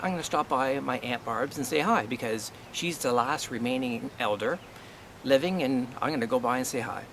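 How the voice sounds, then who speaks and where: A middle-aged man vents about his family in a blunt, aggrieved monologue, swearing freely and tossing out rhetorical questions. His voice sits at an ordinary middle pitch. A faint hum of ambient noise and passing vehicles runs behind him. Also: a bit bright. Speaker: vlogger. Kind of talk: personal storytelling monologue.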